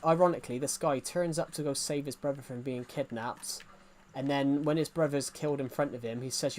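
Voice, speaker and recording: A young English man chats casually on a game stream, his mid-range voice fairly even in intonation, somewhat dark and fairly quick. He rambles through the live-stream talk with lots of restarts and fillers, and there's slight background noise.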